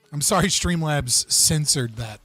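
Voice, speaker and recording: A man hosting a live stream panel, talking in a casual, animated way with swearing and joking outbursts. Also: on the high side. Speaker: livestream host.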